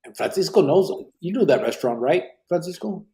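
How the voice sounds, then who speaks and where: Gravelly, husky man hosting a podcast. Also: fairly high pitch, animated, fairly quick, warm tone. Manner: laid-back, swears freely, mixes in Spanish words. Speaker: podcast host reading the live chat. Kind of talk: casual live podcast chat.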